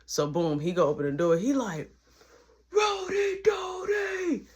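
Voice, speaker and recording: Husky-voiced woman telling a story. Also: low-pitched, brisk. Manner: animated, acts out every line of dialogue. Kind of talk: casual storytime narration.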